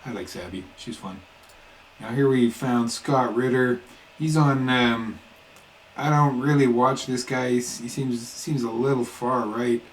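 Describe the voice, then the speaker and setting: A man in the middle pitch range hosts casual reaction commentary. He sounds laid-back and drops wry asides, with faint background hiss. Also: steady tone, measured pace, low-quality recording. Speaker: host.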